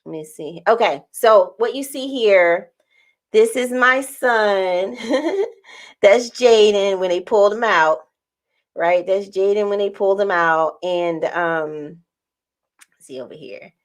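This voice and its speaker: Speaking slowly in a mid-range voice, a woman vlogger tells a story straight to her viewers, chatty and animated.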